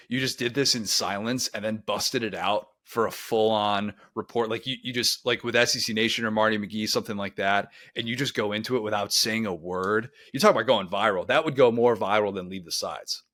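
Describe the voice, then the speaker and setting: Easygoing low-voiced man in his thirties. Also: brisk, fairly bright tone, dry recording. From Chicago suburbs. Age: 30s. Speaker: podcast host. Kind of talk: casual interview chat.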